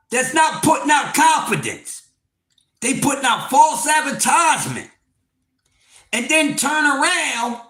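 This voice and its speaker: Brief: male stream host, high, lively pitch, preachy rant. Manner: loud, preachy, swings between shouting and mock-laughing. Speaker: livestream host. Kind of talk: animated livestream rant. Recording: echoey room.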